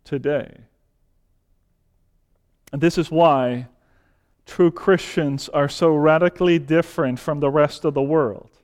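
Male preacher, slow measured delivery that swells into fervor, reverberant sanctuary sound. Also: fairly high pitch, a little mellow. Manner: builds to fervent emphasis, slow deliberate phrasing. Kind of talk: sermon. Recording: long hall reverb.

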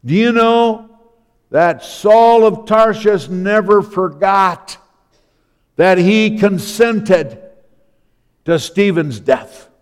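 High-voiced preacher in a reverberant hall. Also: male voice, very slow, pauses often, clean tone. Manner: storytelling, acting out the biblical speakers. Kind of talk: sermon.

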